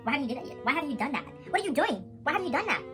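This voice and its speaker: A man voicing a rude, nagging female store manager who scolds in rapid bursts. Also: sing-song, over music. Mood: scolding. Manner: shrill rapid-fire scolding.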